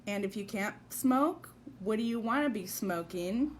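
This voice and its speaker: A woman's voice: mid-range voice, lively intonation, unhurried, slight background noise. A woman hosting a casual livestream from her dining room, bubbly and greeting viewers by name. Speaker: livestream host. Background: rain and a barking puppy.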